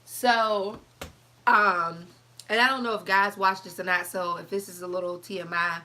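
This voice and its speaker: A young woman chatting to camera in an animated, chatty way, reading live comments as she tells her story. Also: mid-range voice, moderate pace. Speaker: vlogger. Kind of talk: casual chat to camera.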